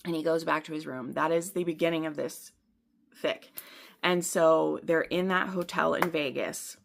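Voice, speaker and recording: A woman's voice: low-pitched, fairly even intonation, normal speed, vocal fry. A woman hosting a book channel, talking through her reading in a chatty, rambling way with lots of fillers. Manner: laughs at herself often. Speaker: book vlogger. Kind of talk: casual book review chat.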